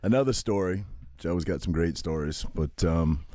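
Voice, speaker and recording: A man's voice: sits low, normal speed, warm tone, no echo, clean studio sound. A man hosting a casual podcast, egging his guest on with eager reactions. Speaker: podcast host. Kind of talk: casual chat.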